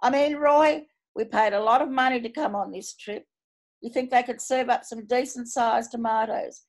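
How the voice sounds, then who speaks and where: A woman's voice: fairly high pitch, moderate pace, close to an everyday voice. A blunt fed-up older woman, as an Australian woman puts her on. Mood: indignant. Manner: syrupy, then complaining and swearing.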